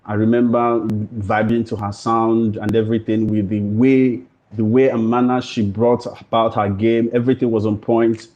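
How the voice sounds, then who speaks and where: A Nigerian man hosting an interview show, formal and welcoming, pausing often with fillers. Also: fairly low pitch, flat delivery, a little mellow, highs cut off. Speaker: podcast host. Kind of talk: hosted interview.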